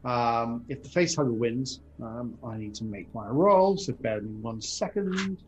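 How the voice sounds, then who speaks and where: A man's voice: medium pitch, lively intonation, poor audio. A man running a tabletop game as game master, describing the action with frequent ums and restarts. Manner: halting, many ums and restarts. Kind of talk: narrating a tabletop horror game.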